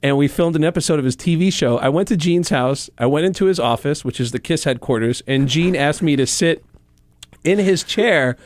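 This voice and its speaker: A male comedian spins anecdotes in an animated, fast-moving way. His voice sits a little high and the sound is dry and close. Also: dry recording. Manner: animated, quick storytelling. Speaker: comedian and impressionist guest. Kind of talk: casual storytelling.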